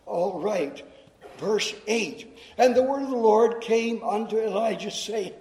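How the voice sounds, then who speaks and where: Man, chapel sermon, high voice, mellow tone, deliberate repetition, echoey hall. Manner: deliberate, explanatory, repeats phrases for emphasis. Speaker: chapel speaker. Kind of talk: sermon to students.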